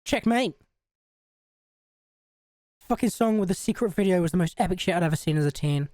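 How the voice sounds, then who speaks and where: A Scouse woman streamer chats and swears her way through a game, with a lively, bouncing delivery. The sound is dry and close. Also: fairly low pitch, fairly quick, dry recording. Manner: chatty, sweary, laughing at herself. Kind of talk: live game stream chat.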